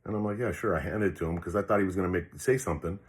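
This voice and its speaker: A man's voice: sits low, steady tone, rapid-fire. An older man, a retired police officer, telling a personal story in a rambling, frank way, swearing freely and restarting his sentences with many fillers. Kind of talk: casual storytelling monologue.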